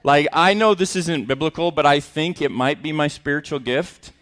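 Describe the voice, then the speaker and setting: A man's voice: on the high side, normal speed, fairly bright tone. A middle-aged male pastor preaching a sermon, earnest and emotional, with self-mocking humor.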